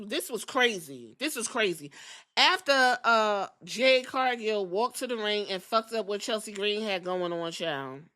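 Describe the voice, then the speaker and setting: Bright-voiced woman, gossipy recap. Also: a little high. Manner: slangy, profane, gossipy storytelling. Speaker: podcast host reviewing wrestling. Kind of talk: casual recap.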